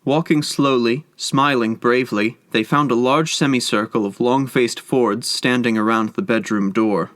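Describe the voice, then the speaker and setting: A man giving scripted narration of a short story in a measured storytelling manner. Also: medium pitch, steady tone, a bit bright, no echo, clean studio sound. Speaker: audiobook narrator.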